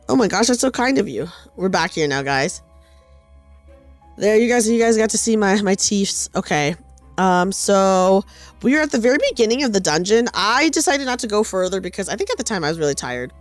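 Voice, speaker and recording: A woman streaming a game, chatting casually with her viewers in a bubbly, excitable, giggly way. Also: medium pitch, brisk, no room sound. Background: faint game music.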